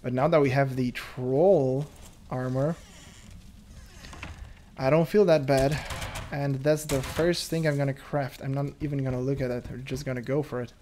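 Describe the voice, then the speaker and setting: Guy chatting thru a game, nervous little laughs, middle pitch, faint hiss behind. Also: fairly even intonation, moderate pace, mellow. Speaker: gameplay commentator. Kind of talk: casual gameplay commentary.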